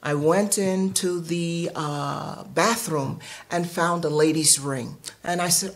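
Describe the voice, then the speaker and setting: A woman's voice: fairly low pitch, takes it slowly, gravelly, hardly any pauses. A woman from New York earnestly telling a personal story of faith, bringing each scene to life and quoting what others said. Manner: earnest, animated, acts out quoted speech. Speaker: devotee sharing testimony.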